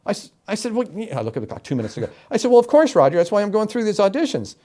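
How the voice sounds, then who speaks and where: A middle-aged man from Florida, an interview guest telling his story with animated, emphatic delivery and acted-out quotes. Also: high voice, very fast. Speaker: interview guest, game show announcer.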